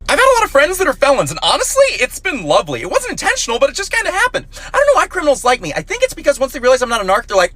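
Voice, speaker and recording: A young man spins comic anecdotes with a lively, swooping delivery, his pitch bouncing all over and popping into high squeaks when he quotes someone. He sits close to a dry, deadened mic with no room sound. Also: very fast, few pauses, no room sound. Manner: animated, playful storyteller with sudden high squeaks for quoted voices. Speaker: comedian. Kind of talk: storytelling comedy clips.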